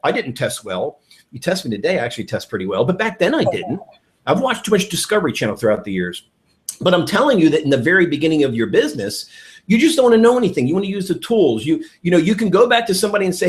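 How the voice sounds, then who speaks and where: Guy coaching sales folks, super animated, voice bounces all over, slightly high. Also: fast talker. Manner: enthusiastic, animated, repeats key points. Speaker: network marketing trainer. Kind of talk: energetic training talk.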